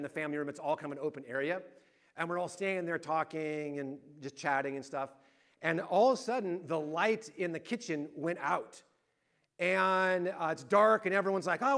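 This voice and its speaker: A middle-aged man preaching a sermon, telling lively family stories and acting out the voices in them. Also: on the high side. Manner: animated storyteller, acting out family arguments loudly. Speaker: pastor.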